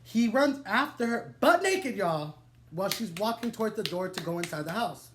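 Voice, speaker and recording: A young man telling a wild personal story to the camera, animated and dramatic, swearing freely and laughing through his digressions. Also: high voice, moderate pace, slight background noise. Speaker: vlogger. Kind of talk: storytime vlog, casual and profane.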